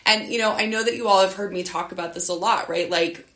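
A woman's voice: medium pitch, quick pace, fairly bright tone, reverberant. A woman hosting a podcast about dogs, talking in a loose conversational way with lots of "right?" and "you know". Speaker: podcast host. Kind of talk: casual interview chat.

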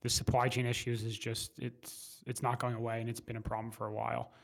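A man speaking as an investment manager guest in a casual interview, measured and hesitant. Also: medium pitch, completely flat delivery, gravelly. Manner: measured, hesitant with fillers and restarts.

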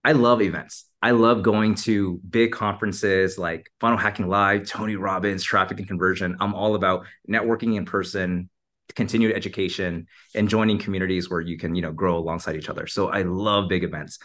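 Speaking brisk and a bit bright, this man has a low voice with fairly even intonation. He's a marketing entrepreneur chatting casually and cheerfully as a podcast guest, leaning heavily on "like" and "you know."

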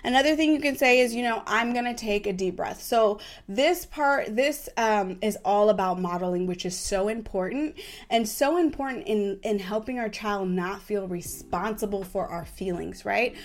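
Upbeat mom giving parenting advice. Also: female voice, medium pitch, moderate pace. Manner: animated, keeps adding "right?" and "okay?". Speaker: parenting podcast host. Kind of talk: casual advice talk.

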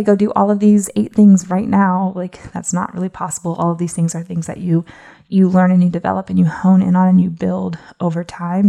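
Creaky dark-voiced woman podcast host. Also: on the low side. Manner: chatty and encouraging, many "like" fillers. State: out of breath. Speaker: podcast host and business coach. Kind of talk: casual solo podcast talk.

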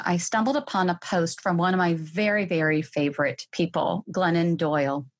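A woman in her thirties hosting a solo parenting podcast, telling her own story in a candid, expressive way. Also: fairly low pitch.

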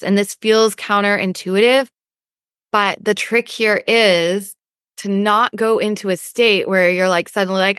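A woman coach talks through her podcast in a loose, chatty way, full of fillers and little acted-out inner voices. Her voice sits at an ordinary pitch and is recorded close and dry, with no room sound. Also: no room sound. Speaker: weight loss coach and podcast host. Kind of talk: casual podcast monologue.

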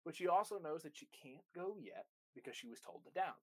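A man's voice: a little high, lively intonation, brisk. A young man, a dog trainer, giving an instructional talk with an emphatic delivery, repeating key phrases for weight.

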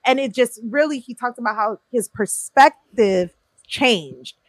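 A woman co-hosting a casual faith conversation at home, chatty and quick to laugh, with lots of fillers. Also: on the high side, expressive, no echo, clean studio sound. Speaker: podcast co-host.

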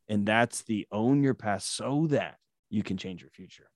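A man's voice: on the low side, unhurried, no room sound. Earnest man, dry close sound. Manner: earnest, storytelling, vivid examples. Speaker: guest, mental health expert. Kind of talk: interview answer, explaining.

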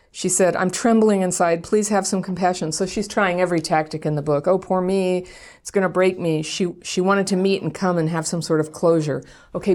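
A woman's voice: deep voice, a little mellow. A woman hosting an advice podcast, answering a listener's letter in a frank, conversational way with frequent laughs. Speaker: podcast host giving relationship advice.

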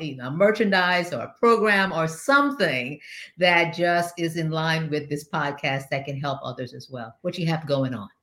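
Chatty woman interviewer, lowish voice. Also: fairly bright tone. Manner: chatty storyteller, laughs often. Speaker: guest host interviewer. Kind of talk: casual interview chat.

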